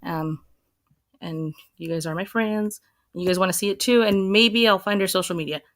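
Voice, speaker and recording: A woman's voice: mid-range voice, moderate pace. A woman hosting a livestream, chatting loosely and reading viewer comments as she rambles. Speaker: livestream host. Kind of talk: casual live commentary reading chat.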